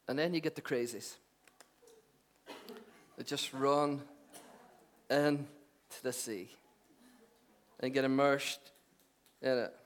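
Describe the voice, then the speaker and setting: A man's voice: medium pitch, fairly even intonation, slow, pauses often. A middle-aged man preaching a sermon, conversational and joking at first, then earnest and emphatic. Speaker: pastor.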